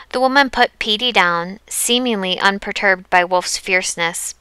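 A woman narrating an audiobook chapter with steady, even storytelling. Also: mid-range voice, moderate pace, few pauses, clean tone, dry recording. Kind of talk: scripted narration.

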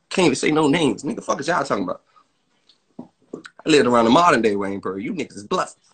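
A man in a heated, profane, boastful rant, swinging between loud outbursts and muttered asides. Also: a little high, slight background noise.

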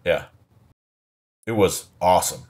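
A man's voice: low-pitched, takes it slowly, a little mellow. A man co-hosting a comedy podcast, telling stories in a rambling, meandering way during casual banter. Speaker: comedian co-host.

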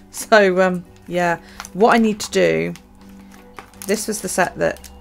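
A woman chatting casually about her journal and her chores, rambling with many pauses and ums. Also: mid-range voice, gravelly, soft background music. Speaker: journaling vlogger. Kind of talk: casual chat.

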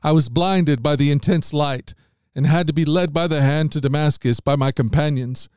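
A man reading Bible passages aloud as a podcast host, in a measured, steady manner that lifts slightly on quoted speech. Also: a little high, clean tone, no echo, studio quality.

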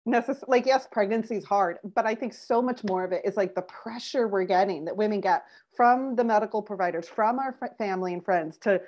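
A woman's voice: medium pitch, a little mellow. A woman speaking as a guest birth coach in casual conversation, affirming and earnest. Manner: affirming listener, quick agreement and laughter. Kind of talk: casual chat.

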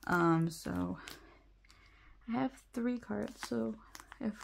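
A woman's voice: a little high, very slow, gravelly, background noise. A young woman chatting casually while sorting her photocards, rambling, laughing often and correcting herself. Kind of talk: casual chat.

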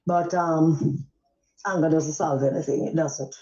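A woman's voice: low-pitched, steady tone, unhurried, mellow, echoey room, lo-fi sound. An angry, agitated woman with a Jamaican accent, speaking out in a heated phone voice note. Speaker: politician in a voice note.

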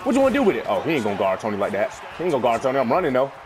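A man's voice: medium pitch, wildly swooping pitch, rapid-fire, a crowd in the background. A young man commentating his own football video game match live, hyped and trash-talking. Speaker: gaming YouTuber.

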